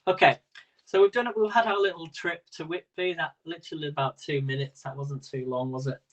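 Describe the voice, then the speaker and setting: A man's voice: a little high, fairly even intonation, fairly quick, poor audio. A man hosting a live-stream quiz in a casual, rambling way, laughing often as he talks. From Britain. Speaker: quiz host.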